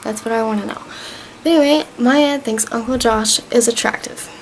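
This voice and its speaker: Chatty young woman with a high voice. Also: moderate pace, slight background noise, poor audio. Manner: rambling, gushing, with frequent "and she's like" retellings. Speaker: vlogger reviewing a TV season. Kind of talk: casual chatty recap.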